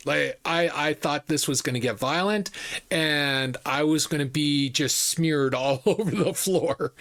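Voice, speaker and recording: A man's voice: on the high side, a bit bright. Man telling a rambling story. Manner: rambling, with frequent restarts and asides. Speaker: podcast host. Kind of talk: casual anecdotal storytelling.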